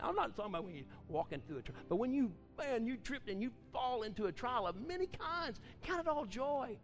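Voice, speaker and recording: A man preaching a sermon at a church service, fervent, swinging between loud outbursts and quiet storytelling. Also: sits high, big pitch swings, normal speed, faint music behind. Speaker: pastor.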